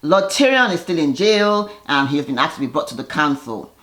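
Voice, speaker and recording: A woman recaps a TV episode in a relaxed, conversational way. She is animated and chatty, with restarts and fillers. Now and then she briefly mimics the characters' lines. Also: low voice. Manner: animated, slips into quick impressions of characters. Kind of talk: casual retelling of a TV episode.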